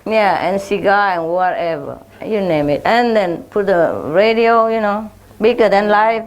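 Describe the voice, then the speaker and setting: In an unhurried, medium-pitched voice, a woman spiritual teacher speaks informally to her followers, telling chatty anecdotes in simple, loose English.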